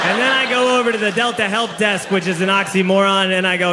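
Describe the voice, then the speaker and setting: A man performing a stand-up comedy set on stage, animated and acting out characters. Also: fast talker, hardly any pauses. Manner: animated, acts out characters in a high put-on voice. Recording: live stage recording in a reverberant hall with audience noise.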